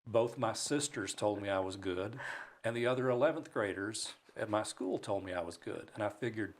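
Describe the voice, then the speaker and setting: A man from Alabama, a broadcaster guest, telling lively, self-mocking stories in a studio interview. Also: fairly low pitch, moderate pace. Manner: animated, self-mocking storyteller. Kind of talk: storytelling in a talk show interview. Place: radio studio.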